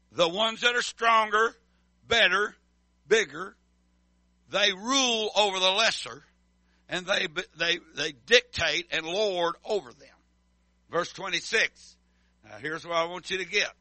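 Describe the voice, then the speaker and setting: A man's voice: high voice, animated, measured pace, long pauses, sharp tone, no echo. A middle-aged man preaching a sermon as pastor, calling for responses from the congregation. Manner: emphatic call-and-response preaching.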